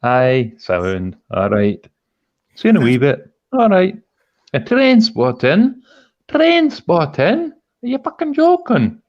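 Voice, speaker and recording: A man putting on a loud, exaggerated Scottish accent for bantering lads. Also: a little high, huge pitch swings, slow, muffled recording, pitched above the performer's own voice, heavily acted. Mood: rowdy. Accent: Scottish (put on).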